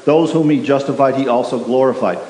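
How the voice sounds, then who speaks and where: A pastor preaching a sermon, emphatic and repetitive, putting questions to the congregation. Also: male voice, medium pitch, fairly quick, dark tone. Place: church sanctuary. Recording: echoey hall with faint hiss.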